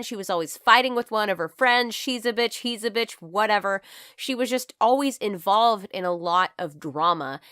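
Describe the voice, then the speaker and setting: A woman's voice: medium pitch, a bit bright, dry recording, clean studio sound. A woman in her twenties telling a personal story on her vlog, candid and profane, acting out scenes as she goes. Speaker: vlogger.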